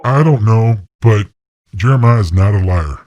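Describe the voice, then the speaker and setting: Deep-voiced middle-aged man telling a story. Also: moderate pace, no echo, muffled recording. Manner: excited, blunt, swears freely. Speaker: interview guest, deer hunter. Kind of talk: casual storytelling.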